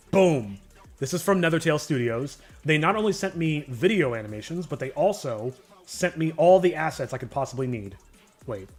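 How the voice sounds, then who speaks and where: A man streaming his animation work live, chatting casually with viewers and thinking aloud. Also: mid-range voice.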